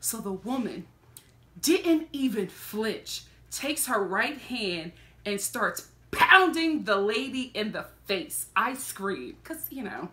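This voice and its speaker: A woman from Philadelphia telling a story in a casual reaction vlog, animated and laughing often. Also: a little high, slow. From Philadelphia, USA. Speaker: reality TV reaction vlogger.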